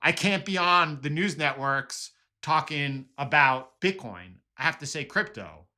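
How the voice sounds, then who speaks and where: A man's voice: fairly high pitch, animated, measured pace, sharp tone, full character voice. A man impersonating an exasperated male finance executive, explaining himself with restarts.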